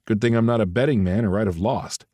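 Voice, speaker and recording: A man's voice: lowish voice, fast, mellow, dry recording, clean studio sound, lightly acted. A man voicing a wry, joking adult brother in an audiobook reading.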